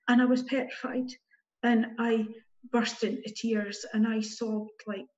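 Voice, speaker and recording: A woman guest giving candid spoken testimony, emotional and halting, with wry asides. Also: a little high, darkish tone. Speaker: guest telling her story. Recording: dull lo-fi recording.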